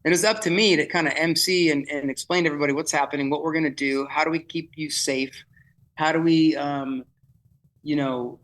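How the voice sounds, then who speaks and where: A man telling a vivid, excitable story in podcast chat, often restarting his sentences. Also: on the high side, brisk, low-quality recording. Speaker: festival producer guest.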